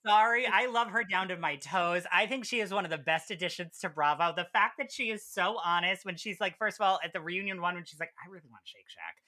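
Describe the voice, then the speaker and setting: A podcast guest chatting casually, gushing and opinionated, quick to laugh. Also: mid-range voice, pushed and bright. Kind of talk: casual chat.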